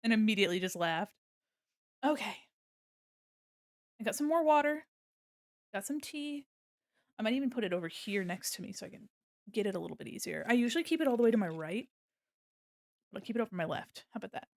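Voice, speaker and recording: A woman's voice: mid-range voice, lively intonation, brisk, pauses often, no room sound, studio quality. A young woman chatting casually to her viewers while drawing on a live stream, giggly and self-deprecating. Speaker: art streamer.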